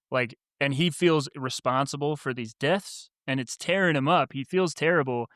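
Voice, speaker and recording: A man with a smooth, clear voice calmly retelling a story in casual podcast chat. He is easygoing and quick to laugh. The sound is dry and up close. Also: a little high, no echo. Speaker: book podcast co-host. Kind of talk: casual chat, recapping the plot.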